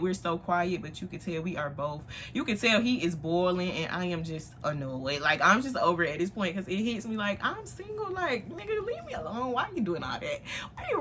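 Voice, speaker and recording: A woman in her twenties telling a story in casual vlog chat to a phone camera, animated, dropping to hushed asides and jumping up to loud exclamations. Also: lowish voice, slight background noise. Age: 20s. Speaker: vlogger. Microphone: phone on tripod.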